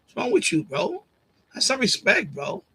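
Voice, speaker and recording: A man's voice: high voice, huge pitch swings, normal speed, pushed and bright, breathy edge, poor audio. A man hosting a live stream, chatting casually and bluntly with his chat, repeating himself and laughing at comments. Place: home streaming setup. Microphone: USB condenser mic on boom arm.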